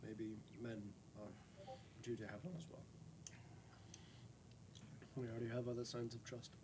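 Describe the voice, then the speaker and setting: A man playing a tabletop game, thinking aloud in a deliberate in-character party discussion on a quiet home mic. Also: mid-range voice, flat delivery, background noise.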